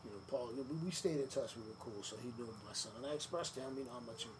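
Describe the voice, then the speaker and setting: A man telling stories in a relaxed sit-down interview, with many fillers, acting out the quotes of others. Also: mid-range voice, racing, over a noisy crowd. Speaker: podcast guest, former wrestler. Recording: noisy room ambience.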